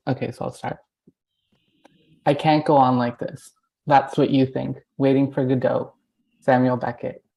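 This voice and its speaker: A man at an open mic over a video call, reading a personal essay aloud in a measured, literary way. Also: mid-range voice, darkish tone, rough recording.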